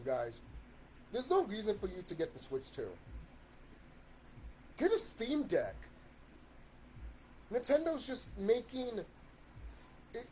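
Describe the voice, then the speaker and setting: Guy ranting on his channel, swears a lot, rambles, kinda high voice. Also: darkish tone, a little hiss or hum. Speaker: YouTube commentator. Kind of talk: casual ranting monologue.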